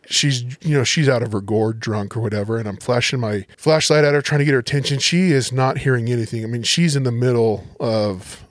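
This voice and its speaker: A man's voice: mid-range voice, fairly quick, few pauses, no echo. Dry-voiced man telling cop stories. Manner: relaxed, animated storyteller acting out quotes. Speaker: podcast guest, police officer. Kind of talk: casual storytelling.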